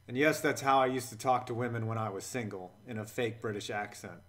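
A man's voice: medium pitch, a little fast, a bit bright. A man hosting a scripted comedy countdown voice-over, delivering sarcastic jokes and innuendo. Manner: sarcastic, joking, innuendo-heavy. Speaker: YouTube channel host.

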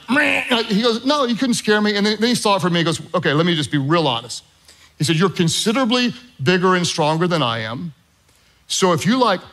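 A middle-aged male pastor preaching a sermon, animated and self-deprecating as he tells stories and jokes with the congregation. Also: a little high. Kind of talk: sermon with storytelling.

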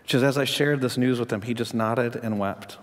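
A man delivering a sermon from the pulpit, with a middle-range voice that climbs higher and louder when he drives a point home. He tells stories and puts questions to the congregation. His voice rings with the long reverb of a large church hall. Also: fairly quick. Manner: storytelling, animated, rising in pitch and volume for emphasis. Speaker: pastor.

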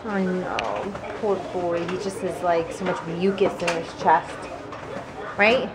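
A woman's voice: on the low side, fairly even intonation, takes it slowly, background noise. A young woman, a mother, chatting casually to the camera in a family vlog. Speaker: vlogging mother.

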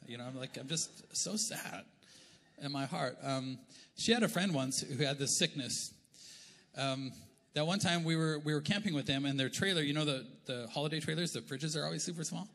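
In a church auditorium with the long echo of a large hall, a middle-aged Canadian man preaches as pastor in a chatty, joking way. His voice is a little high, fairly bright and brisk.

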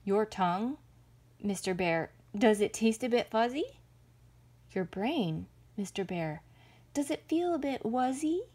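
A woman voicing a small, quick-witted male rabbit who talks in a coaxing, mock-sympathetic way, for a storybook. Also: on the high side, expressive, darkish tone, breathy edge. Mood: sly.

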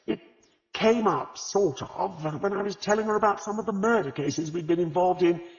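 A man playing a pompous, evasive gentleman. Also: high voice, normal speed, pitched above the performer's own voice. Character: pompous, self-satisfied gentleman. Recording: reverberant, slightly dull audiobook recording.

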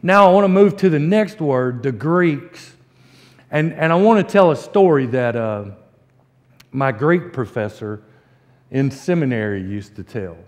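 A man, preaching a sermon as pastor and telling folksy stories with slow, emphatic delivery. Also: mid-range voice, lively intonation, darkish tone. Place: church sanctuary. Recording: long church reverb.

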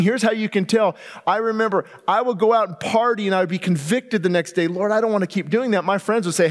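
A male pastor preaching a sermon with passion, swinging from near-shouts down to quiet, low asides. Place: church sanctuary. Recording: long hall reverb.

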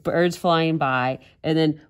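A woman's voice: low voice, steady tone, slow, slight background noise. A woman art teacher giving a casual drawing demonstration, chatty and giggling at her own jokes.

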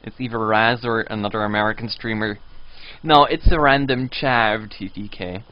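A young man live-streaming a game and chatting with viewers in a playful, teasing way, now and then breaking into high squealing pleas. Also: steady tone, moderate pace. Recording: dull lo-fi stream audio.

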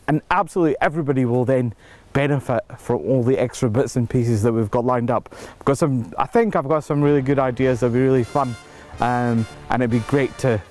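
A man who grew up in South Africa, reading a list of backers' names in a halting, casual update filmed outdoors in the cold. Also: medium pitch, darkish tone. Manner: halting, reading names slowly with many fillers. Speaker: filmmaker thanking backers.

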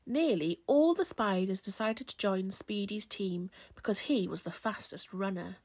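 Slow, expressive woman reading a picture book. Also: medium pitch. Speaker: children's storyteller.

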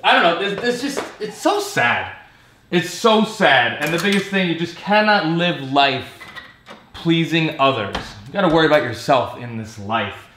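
A man's voice: on the high side, lively intonation, normal speed, pushed and bright, slight background noise. A man hosting a casual pinball vlog, ranting sarcastically with plenty of swearing and laughter. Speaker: pinball vlogger. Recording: roomy echo.

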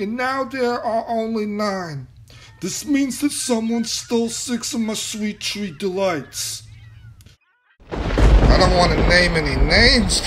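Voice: medium pitch, fairly bright tone, a little hiss or hum, rough recording. A performer voicing a prissy, sinister cave-dwelling creature who complains politely and menacingly about stolen chocolates. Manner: prim, falsely polite, menacing.

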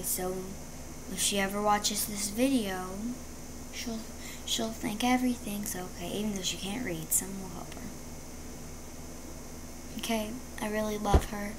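Chatty female vlogger, noisy recording. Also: mid-range voice. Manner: chatty and dramatic, with bursts of whispering. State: injured ankle. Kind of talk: casual storytelling to camera.

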